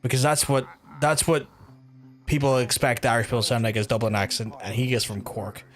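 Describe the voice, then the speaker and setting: A man's voice: medium pitch, steady tone, a little fast, fairly bright tone, soft background music. A man streaming a video game, chatting casually, swearing and laughing as he plays. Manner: chatty and laid-back, swears freely and laughs. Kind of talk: casual gameplay commentary.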